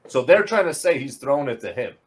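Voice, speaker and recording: A man's voice: medium pitch, very animated, quick pace, slightly rough. A man hosting a casual sports show, explaining plays, repeating words as he goes and swearing. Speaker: host.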